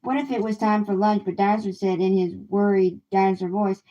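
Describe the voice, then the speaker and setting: A woman reading a children's picture book aloud in a gentle, unhurried way on a livestream. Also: mid-range voice, steady tone, dull audio. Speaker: storybook reader. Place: home livestream.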